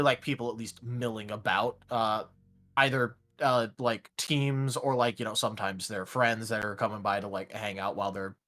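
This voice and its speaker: A man's voice: mid-range voice, a bit bright. A man narrating a tabletop role-play as game master, in a rambling way with lots of fillers.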